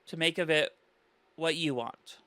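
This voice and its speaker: High, bright-voiced man rambling earnestly. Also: unhurried, no echo. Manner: earnest, rambling, full of "you know" and "like". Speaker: reaction video commentator. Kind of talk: casual reaction commentary.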